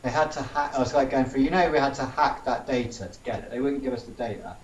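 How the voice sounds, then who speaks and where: A man's voice: mid-range voice, fast talker. A man chats casually, slipping into the voices of the people in his story. He sits back from the mic, so the sound is roomy and a little distant. A faint ambient noise sits underneath. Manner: animated storytelling, acts out quoted people. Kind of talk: casual chat.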